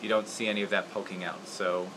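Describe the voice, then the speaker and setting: A deep-voiced man with a level tone talks quickly over background noise while hosting a casual puppet-making livestream. As a puppeteer host, he rambles, laughs, and pokes fun at himself as he works.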